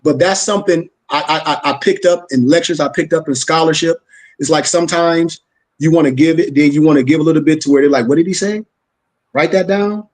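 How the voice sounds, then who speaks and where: Gullah-accented florida guy teaching a class, bit high voice, quick rhythmic preacher flow. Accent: Gullah-influenced Southern US. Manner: fast, rhythmic preaching cadence with casual slang. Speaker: spiritual teacher. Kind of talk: informal class discussion.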